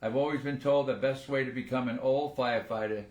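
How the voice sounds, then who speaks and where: An older man co-hosts a casual live stream, speaking at a middle pitch. He tells his stories in an earnest, plain way. The room gives his voice a noticeable echo. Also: steady tone, fairly quick, a little mellow, highs cut off. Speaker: retired firefighter, co-host.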